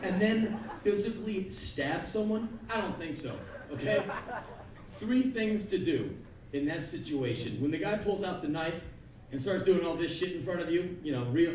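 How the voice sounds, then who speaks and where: A man in his thirties giving a sarcastic, ranting spoken word monologue on a club stage, acting out the people he mocks with sudden shouts. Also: fairly high pitch, normal speed, slight background noise. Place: large concert club stage. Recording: echoey live club recording from a distance, crowd laughter.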